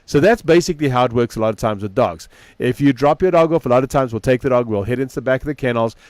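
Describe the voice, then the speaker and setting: A middle-aged man co-hosts a casual dog-training podcast. He tells lively stories and acts out the voices of the people in them. His voice sits at a middling pitch and is recorded close and dry. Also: fast talker, dry recording. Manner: animated storyteller, acts out quoted people.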